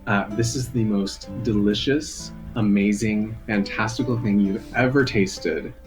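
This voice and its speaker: Low-voiced man playing a tabletop game. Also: fairly even intonation, unhurried, over music. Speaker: player. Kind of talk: in-character tabletop play.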